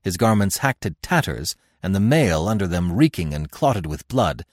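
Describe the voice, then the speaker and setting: Dramatic low-voiced male story narrator. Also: very animated, moderate pace, no room sound, studio quality. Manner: dramatic, with wide swings of pitch and volume. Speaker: narrator and host.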